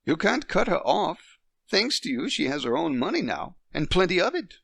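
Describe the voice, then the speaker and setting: A man voicing a poised French wife near fifty, patient and gently reasoning with her husband. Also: a little high, very animated, normal speed, gravelly, slightly rough, no room sound, studio quality, pitched above the performer's own voice, heavily acted. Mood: firm.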